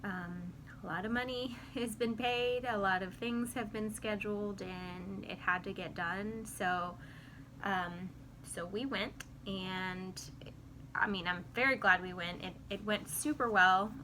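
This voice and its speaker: A woman talking candidly to camera in a casual personal vlog, soft-spoken and heartfelt. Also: medium pitch, measured pace, background noise. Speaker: vlogger.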